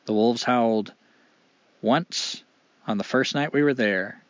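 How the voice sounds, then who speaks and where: Man telling a folk tale, animated. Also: medium pitch, dry recording, muffled recording. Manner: animated, expressive, with dramatic pauses. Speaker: storyteller. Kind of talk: oral storytelling.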